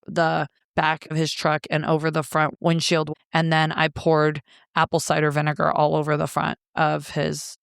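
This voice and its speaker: A female guest tells a raw personal story bluntly, emotionally and with plenty of profanity. Her low voice is smooth and clear, captured up close in a dry, deadened room with no echo.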